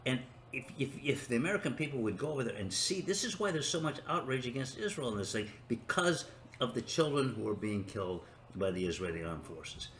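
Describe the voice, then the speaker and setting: A man's voice: mid-range voice, animated, brisk, a bit bright, roomy sound, slight background noise. An older man hosting his own show, talking in a sarcastic, rambling monologue that sometimes turns into talking to himself. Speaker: show host. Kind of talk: opinion monologue.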